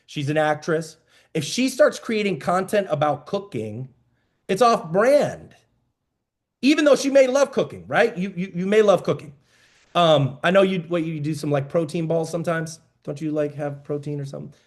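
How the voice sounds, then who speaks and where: A man's voice: fairly high pitch, expressive, moderate pace. A man giving a motivational business talk to a mastermind group, emphatic and repetitive, coaching his listeners. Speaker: business mentor.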